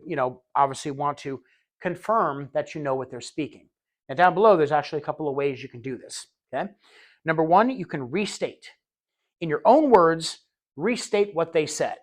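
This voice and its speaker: A man teaching a recorded training lecture for healthcare aides, talking in a relaxed conversational way, often repeating words as he restarts a thought. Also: fairly high pitch. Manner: conversational, acts out little scenes in quoted voices.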